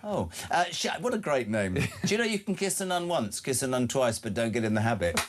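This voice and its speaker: A man's voice: medium pitch, big pitch swings, brisk. A man hosting a breakfast talk radio show, chatting bluntly and joking while reading out listener messages. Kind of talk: casual talk radio chat.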